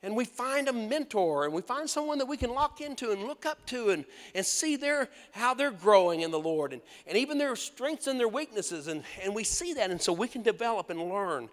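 A man in his sixties preaching a sermon as pastor, folksy and animated, laughing often and acting out the voices he quotes. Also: high-pitched, fairly quick, hardly any pauses. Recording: long hall reverb.

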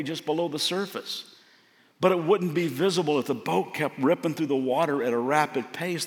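A man preaching a sermon in a casual, storytelling manner, his voice carrying a long reverb from a large church hall. He speaks earnestly and plainly to his congregation. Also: on the high side. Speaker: guest preacher.

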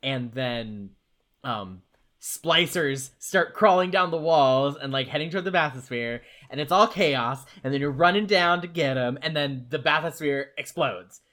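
A man retelling video game scenes with animated energy, often breaking into laughter. His voice is bright and forward, pitched a little above average, and he paints each scene in quick, vivid strokes. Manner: animated storytelling, laughs while talking. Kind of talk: casual video game discussion.

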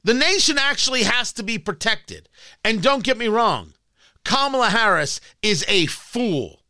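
A man's voice: high voice, sing-song, unhurried, sharp tone, no echo, clean studio sound. A man hosting a political talk radio show, ranting in a combative, sarcastic way. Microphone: studio microphone.

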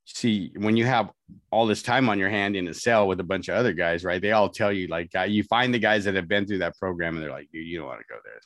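A middle-aged man with a lowish voice tells his own story in an interview, candid and self-mocking, and he slips into the voices of the people he met. The sound is dry and close, with no room behind him. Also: brisk, a bit bright, no echo. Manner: candid, self-mocking, laughs often, quotes others. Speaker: guest telling his life story. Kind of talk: casual spoken storytelling.

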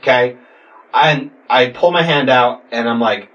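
A young man casually telling a story, animated, acting out voices and swearing a lot. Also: medium pitch, moderate pace, muffled recording. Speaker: podcast guest telling a story. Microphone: sitting far from the mic. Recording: distant mic in a room.

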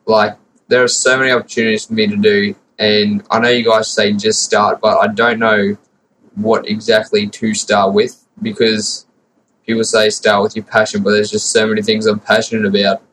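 A man's voice: lowish voice, little pitch movement, moderate pace, a bit bright, a little hiss or hum, poor audio. An Australian man in his late teens leaving a voice message as a caller, earnest and unsure, rambling through his question. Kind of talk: recorded listener voicemail.

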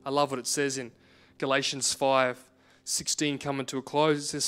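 A man's voice: medium pitch, moderate pace, faint music behind. A man in his thirties, a pastor preaching a sermon, who tells stories and acts out reactions. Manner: animated storytelling, acts out reactions.

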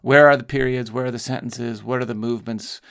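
Guy cohost breaking down a poem, kinda gravelly, slows down on the key bits. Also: mid-range voice, fairly even intonation, fairly bright tone. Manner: explanatory, slows down to stress key phrases. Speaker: podcast co-host. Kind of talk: conversational literary discussion.

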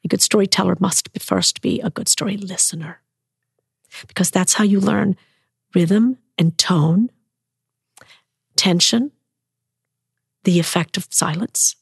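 A woman's voice: on the low side, unhurried, gravelly, pauses often, husky, dry recording, studio quality. A woman from the American South telling personal stories in conversation, acting out voices and dropping to whispers. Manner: expressive, acts out quoted voices, drops to whispers. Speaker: storyteller.

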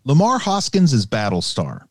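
Man, mid-pitched voice, dry sound, casual chat, explains at length. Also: wildly swooping pitch, moderate pace, no echo. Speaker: podcast co-host.

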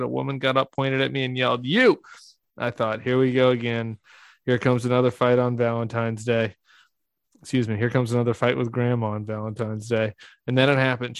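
Deadpan man with a gravelly voice. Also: mid-range voice, no echo. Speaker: podcast guest. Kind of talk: comedic reading of a parody memoir.

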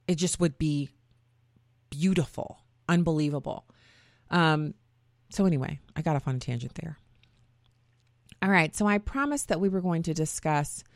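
A woman with a low voice hosts her own podcast talk show, offering casual opinions in a chatty, folksy way and often wandering off on tangents. The recording is studio quality with no room sound.

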